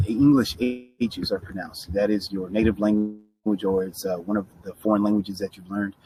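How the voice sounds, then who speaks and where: A man's voice: lowish voice, a little mellow, a little hiss or hum, poor audio. A middle-aged man teaching Spanish pronunciation in a casual video lesson, switching between Spanish and English and often checking in with "right?". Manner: chatty, mixes Spanish and English, frequent "right?" check-ins.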